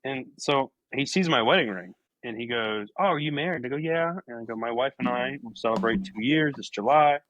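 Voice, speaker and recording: A young man, a paramedic, telling work stories in casual chat, deadpan and acting out the people he quotes. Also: mid-range voice, brisk, few pauses, no room sound, lo-fi sound.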